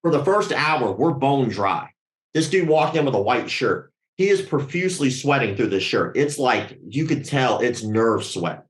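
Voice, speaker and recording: A man's voice: medium pitch, a little slow, echoey room. A man telling a story casually and with lots of swearing, acting out the voices of the people he quotes. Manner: animated, profane, acts out quoted voices.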